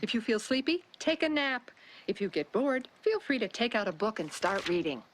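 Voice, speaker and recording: A woman's voice: on the high side, sing-song, normal speed. A woman voicing a laid-back cartoon school coordinator who speaks in a soothing, permissive way. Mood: easygoing. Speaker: clip from an animated show.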